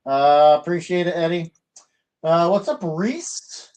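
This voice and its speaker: A man's voice: a little high, lively intonation, slow pace, a little mellow, clear, resonant tone, low-quality recording. A middle-aged man from the American Midwest hosting a casual livestream, chatting in a rambling way with many fillers and restarts. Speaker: livestream host.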